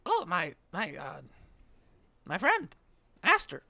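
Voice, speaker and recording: A bubbly woman player in a casual tabletop game, laughing often. Her pitch leaps between high and low in a very animated way. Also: takes it slowly, gravelly.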